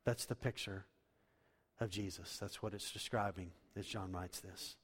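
A man preaching a sermon as pastor, swinging from loud, emphatic lines to hushed, quiet ones. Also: sits low, steady tone, unhurried. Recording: long hall reverb.

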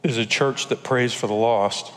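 This older pastor's voice is medium in pitch, steady, a bit bright, and moderately paced. Recorded with long hall reverb in a church auditorium, he gives a conversational sermon, acting out small quotes and sometimes showing emotion.

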